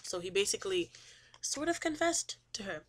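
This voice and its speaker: A woman's voice: mid-range voice, big pitch swings, moderate pace. Chatty woman student retelling a novel. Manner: chatty, says "he was like" and "um" often. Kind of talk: casual book summary.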